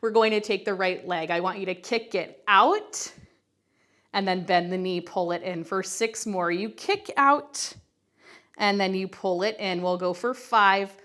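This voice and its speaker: A woman's voice: medium pitch, unhurried, fairly bright tone. Upbeat woman coaching a Pilates class. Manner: upbeat, chatty coaching while counting reps. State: working out along, slightly winded. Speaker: Pilates instructor. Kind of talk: guided workout instruction.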